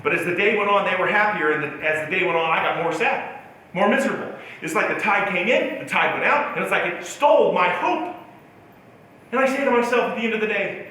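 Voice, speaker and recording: A man's voice: high voice, lively intonation, fairly quick, sharp tone. A male motivational speaker telling a self-mocking personal story at a keynote talk in a large auditorium. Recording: echoey hall from far off.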